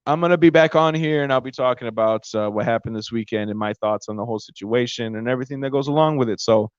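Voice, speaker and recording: Man, podcast host, casual rambling monologue, mid-pitched voice, dull lo-fi recording. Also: smooth, dry recording. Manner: rambling, stumbles over names. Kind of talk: casual fight recap monologue. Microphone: close mic.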